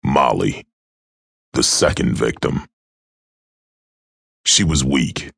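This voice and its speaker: A man narrating a dark audiobook thriller in a measured, grave manner. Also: extremely low pitch, expressive, gravelly, slightly rough, no room sound, studio quality. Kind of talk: scripted narration.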